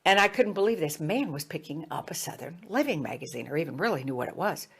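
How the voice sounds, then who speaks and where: Low-voiced woman telling a frank personal story. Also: fast, creaky, breathy edge. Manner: conversational, animated, with frequent fillers and restarts; frank and self-deprecating. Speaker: speaker sharing a personal story.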